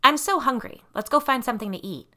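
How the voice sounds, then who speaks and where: A sly girl who is secretly a hungry monster, put on by a woman narrator. She teases in a bright, lilting voice and growls her threats. It is a spooky storybook read aloud. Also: high-pitched, expressive, quick pace, pitched above the performer's own voice, heavily acted. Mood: playful. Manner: teasing, then growling.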